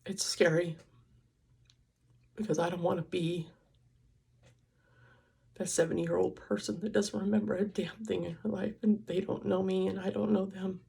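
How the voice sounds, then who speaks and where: A woman's voice: mid-range voice, fairly even intonation, moderate pace, gravelly, pauses often, warm tone, breathy edge. An older woman vlogging, speaking in an emotional, tearful and confiding way as she cries. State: crying. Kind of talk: personal vlog.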